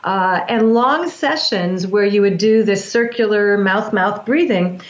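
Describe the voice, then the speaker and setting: In an unhurried, medium-pitched voice, a woman interviewed about her breath work earnestly explains the practice, often breaking off to begin sentences again. The recording has a dull, echoey, lo-fi sound.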